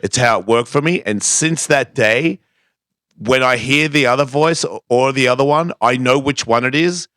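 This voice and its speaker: A man's voice: mid-range voice, normal speed, fairly bright tone, no room sound, clean studio sound. A man telling a personal story on a talk show, acting out the voices he quotes. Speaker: guest skateboarder. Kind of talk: casual storytelling.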